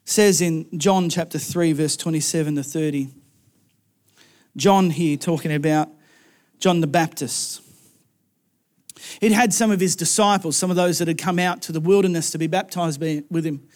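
High-pitched guy preaching, earnest and chatty, keeps repeating himself. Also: moderate pace, pauses often, a little mellow. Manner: earnest, conversational, repeats words. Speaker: pastor. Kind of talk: sermon.

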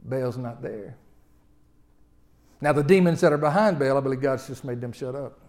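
A man preaching a sermon, telling the story with lively swings between loud outbursts and quiet asides. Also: medium pitch, normal speed.

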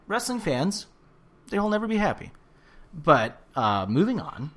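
A man co-hosting a casual wrestling podcast, ranting and swearing with animated bursts of shouting. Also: a little high, brisk. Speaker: podcast co-host. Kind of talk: casual wrestling recap chat.

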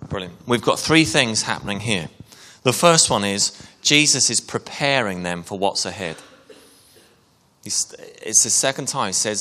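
Guy preaching a sermon, chatty with lots of uhs, bright voice, echoey church hall. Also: lowish voice, normal speed. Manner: conversational, animated asides with fillers.

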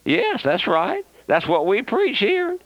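A man's voice: sits high, huge pitch swings, slow pace, no echo. A man with a Southern US accent, preaching a radio sermon in an emphatic, repetitive way with many asides. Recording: dull lo-fi radio broadcast.

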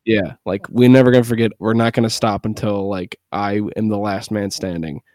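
A man co-hosting a podcast, chatting casually about a film and retelling its scenes through quick quoted snippets full of "like". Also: on the low side, fairly even intonation, warm tone, no echo, clean studio sound. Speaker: podcast co-host. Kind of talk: casual movie discussion.

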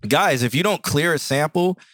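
A man's voice: on the high side, normal speed, no room sound, studio quality. A man co-hosting a casual music review podcast, joking and laughing as he chats. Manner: laughing, joking, animated storytelling. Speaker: podcast co-host. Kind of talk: casual chat. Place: indoor studio or living room.

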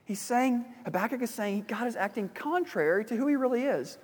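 A man preaching a sermon as pastor, telling a personal story in a relaxed, conversational way with fillers and restarts. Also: extremely high pitch, fairly quick, long reverb tail.

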